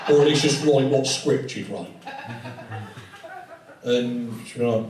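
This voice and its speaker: A man's voice: medium pitch, animated, moderate pace. A man performing live stand-up in a tattoo studio, with a rambling, profane, chatty delivery. His voice bounces around a very echoey room and is picked up from a distance. A crowd laughs throughout. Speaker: stand-up comedian.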